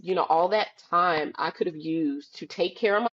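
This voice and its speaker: A woman with a fairly low voice chats casually as a podcast guest, telling animated stories and slipping into the voices of the people she quotes. The sound is a bit dull and lo-fi, like audio from a video call. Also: moderate pace. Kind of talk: casual chat.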